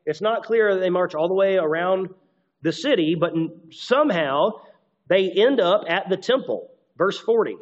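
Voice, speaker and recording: A man's voice: high-pitched, animated, moderate pace, muffled recording. A man preaching an expository sermon, reading scripture aloud and adding conversational asides. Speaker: pastor.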